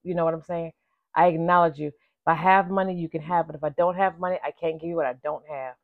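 Woman in her forties, hoarse voice, chatty, calls listeners baby, lowish pitch, dull lo-fi dry sound. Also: steady tone, fast, no echo. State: voice giving out, slightly hoarse. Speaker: vlogger. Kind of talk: casual chat to viewers.

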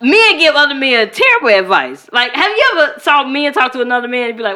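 Bright-voiced woman from Chicago. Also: high-pitched, brisk. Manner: animated, profane, acts out quoted voices. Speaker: podcast co-host. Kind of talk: casual chat.

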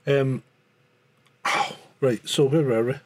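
A man's voice: medium pitch, steady tone, takes it slowly. A Scottish man co-hosting a podcast in casual chat, rambling and restarting his sentences. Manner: rambling, repeats words, frequent restarts. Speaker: podcast co-host.

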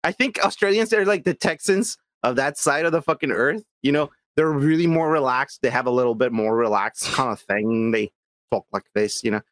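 A young man with a mid-pitched voice that rises and falls a lot, teasing his co-host in a casual podcast chat. The sound is close and dry. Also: no echo. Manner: animated, teasing, quick to mock.

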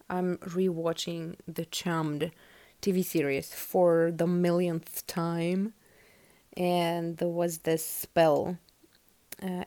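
A woman's voice: lowish voice, vocal fry, dark tone. A woman who is not a native English speaker hosts a casual spiritual podcast and reads tarot, talking in an earnest, musing way full of "like" and "you know.". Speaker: podcast host reading tarot.

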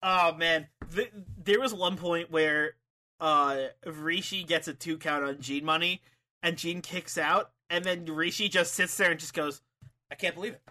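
High, bright-voiced laughing man. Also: fairly even intonation. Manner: laughs often, quick, full of fillers. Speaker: podcast co-host. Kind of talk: casual wrestling recap chat.

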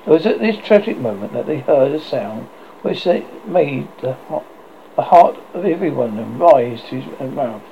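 A man reading a children's classic aloud with an expressive, theatrical delivery. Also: mid-range voice, moderate pace, gravelly, lo-fi sound, a little hiss or hum. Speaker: audiobook reader. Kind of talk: storybook narration.

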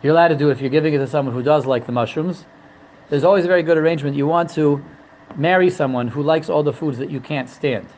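A man's voice: fairly high pitch, fast, darkish tone, dull audio, a little hiss or hum. A man teaching a religious text, humorous and digressive, often repeating and restarting his phrases. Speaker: Torah teacher. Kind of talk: religious lesson.

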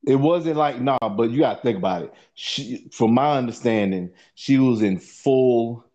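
A man's voice: mid-range voice, moderate pace, warm tone, dull audio. A man co-hosting a casual podcast, talking in a blunt, profane, joking way. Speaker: podcast co-host. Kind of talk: casual chat.

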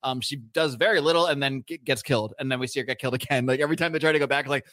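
A man's voice: mid-range voice, racing, dry recording, studio quality. A man co-hosting a podcast, ranting in casual chat with lots of swearing. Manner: animated, profane, ranting. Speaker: podcast co-host.

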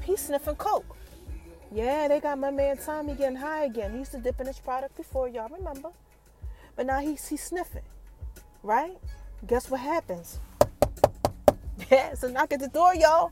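Animated high-voiced woman podcast host. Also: moderate pace, over music. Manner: animated, keeps asking the listeners questions. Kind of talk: casual TV episode recap.

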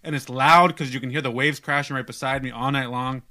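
A young man casually telling a long story on a podcast, animated and self-mocking, stumbling over restarts. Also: mid-range voice, brisk.

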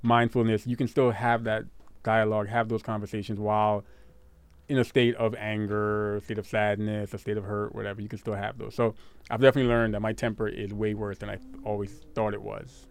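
A man's voice: fairly low pitch, little pitch movement, fairly quick, clean tone, no room sound. A man talking casually with his partner, rambling, often repeating words and laughing. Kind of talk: casual couple chat.

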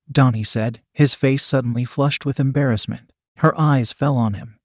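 A young man narrating a first-person story in a steady, plain delivery. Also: medium pitch, normal speed, dry recording, clean studio sound.

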